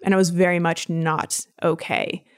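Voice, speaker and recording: A woman personal trainer with a lowish, clear, resonant voice tells a personal story at a moderate pace as a podcast guest. In this casual storytelling interview she's lively, voicing the people she quotes.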